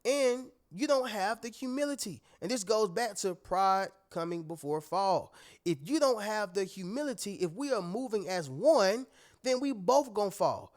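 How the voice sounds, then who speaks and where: A man's voice: high voice, lively intonation, normal speed. A man giving a motivational talk straight to his viewers, emphatic and preachy, often checking that they are following. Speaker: motivational speaker.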